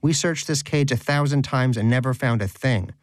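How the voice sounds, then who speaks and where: A man's voice: medium pitch, moderate pace, no echo, pitched above the performer's own voice, close to an everyday voice. A man voicing a pious, earnest and prim male pet rodent who lectures with preachy fervor. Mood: fervent.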